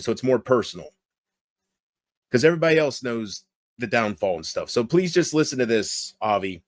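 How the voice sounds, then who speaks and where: A man's voice: no room sound, studio quality. Laid-back man rambling to his chat. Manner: relaxed, rambling, talks straight to viewers in chat; keeps his voice low on purpose. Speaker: livestreamer. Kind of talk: casual late-night livestream chat.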